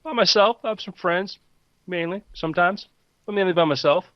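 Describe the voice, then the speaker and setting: Man playing an easygoing jungle-dwelling bro, raised-pitch voice, slightly muffled dry recording. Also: brisk, dry recording, close to an everyday voice. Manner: placating, easygoing surfer-bro talk. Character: laid-back young male jungle loner bro.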